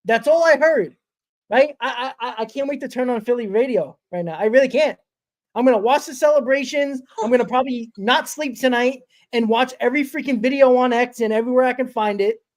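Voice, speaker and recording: Excitable man ranting after a win. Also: very high-pitched. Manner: fast, excitable, swears, repeats himself. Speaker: host. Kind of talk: excited postgame fan rant. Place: small home studio.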